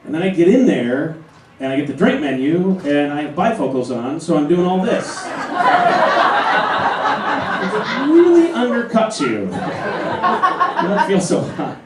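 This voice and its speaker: Forties male stand-up, animated storyteller, a touch high-pitched, recorded live in a club from the back of the room. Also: unhurried, pauses often, background noise. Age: 40s. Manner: animated storytelling with acted-out voices. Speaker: stand-up comedian. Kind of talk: stand-up comedy set. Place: comedy club stage. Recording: roomy club sound from a far camera. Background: audience laughter.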